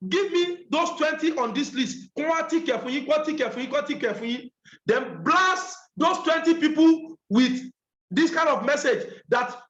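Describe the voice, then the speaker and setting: A man's voice: very high voice, expressive, moderate pace, a bit bright, echoey room, muffled recording. A man leading an online business training, emphatic and repeating key points.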